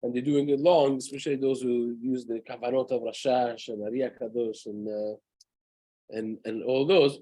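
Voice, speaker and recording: Husky-voiced rabbi teaching. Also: male voice, medium pitch, fairly even intonation, normal speed, darkish tone. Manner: earnest, rhetorical "right?" asides, sprinkled with Hebrew terms. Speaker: rabbi teaching a daily halacha class. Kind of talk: spoken Torah lesson.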